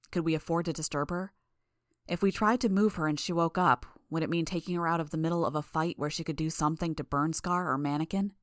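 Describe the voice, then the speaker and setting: A woman reading a first-person audiobook narration in a steady, measured way. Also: low voice, dry recording, studio quality.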